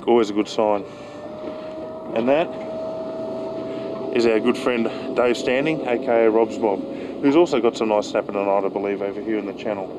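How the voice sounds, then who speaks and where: A man's voice: lowish voice, normal speed, long pauses. A man with an Australian accent hosting a fishing show from a small boat outdoors, talking in a chatty, enthusiastic way and exclaiming as he works a fish. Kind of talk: excited on-the-water fishing commentary. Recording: outdoor boat recording with water and engine noise.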